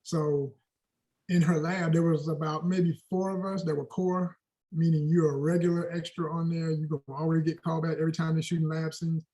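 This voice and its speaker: Animated, slangy man telling stories. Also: fairly high pitch, fairly quick. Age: 40s. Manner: animated storyteller, slangy and expressive. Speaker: guest actor. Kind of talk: casual interview chat.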